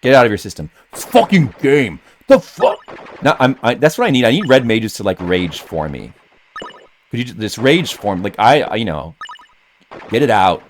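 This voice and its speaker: A man's voice: on the low side, very animated, moderate pace, slight background noise. A man streaming a game, rambling casually to his chat and now and then putting on a mock rage. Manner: rambling, chats with viewers, bursts into mock rage.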